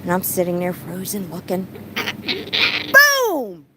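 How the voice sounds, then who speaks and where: Slow-talking middle-aged woman vlogger. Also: on the low side, very noisy. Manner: chatty, breaks off to talk to her pet bird. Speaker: pet bird vlogger. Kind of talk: casual storytelling vlog. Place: rural home, outdoors.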